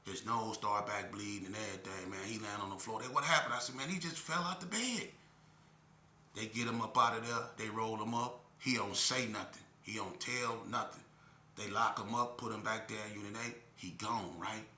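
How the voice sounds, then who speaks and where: A man's voice: on the low side, brisk, reverberant. A man telling a story in casual chat and acting out the people he quotes. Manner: animated, acts out quotes loudly. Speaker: storyteller guest.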